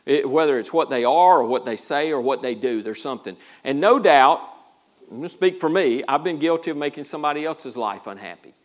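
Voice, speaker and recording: A man's voice: on the high side, animated, a little fast. A man preaching a sermon as pastor, in a folksy, self-deprecating way with a lot of repeated words. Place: church.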